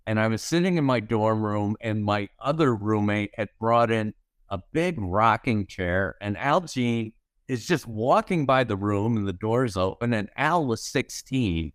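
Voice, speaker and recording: A man's voice: fairly low pitch, clean tone, dry recording, clean studio sound. A man in his sixties, a comedy writer, telling wry anecdotes in a podcast interview and acting out the lines of people in his stories. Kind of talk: storytelling interview chat.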